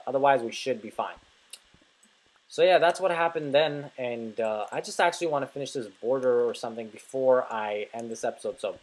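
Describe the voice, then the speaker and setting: A man's voice: mid-range voice, rough recording. Rambling young man swearing over gameplay. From North America. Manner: rambling, swears freely, many fillers. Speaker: let's play host. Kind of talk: casual gameplay commentary with rambling stories.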